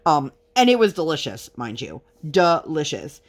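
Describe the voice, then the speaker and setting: A woman vlogger chats casually as she crafts, recounting a long and frustrating story with exasperation and many fillers. Her low voice is very animated and her speed is normal.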